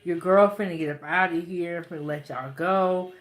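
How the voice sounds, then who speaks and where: A woman's voice: fairly low pitch, fairly even intonation, normal speed. A woman hosting her cooking channel, chatting casually and playfully, laughing at herself and tired after eating. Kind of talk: casual chat to camera.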